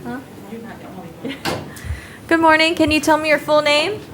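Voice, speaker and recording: Woman judge, high-pitched, crisp businesslike delivery in a courtroom. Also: little pitch movement, a bit bright, slight background noise, rough recording. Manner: brisk, formal, businesslike. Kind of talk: court bond hearing. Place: courtroom with loud air vent.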